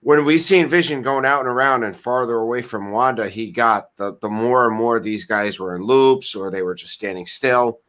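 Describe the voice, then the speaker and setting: A man in a casual group chat who pauses and searches for words as he explains. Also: medium pitch, a bit bright.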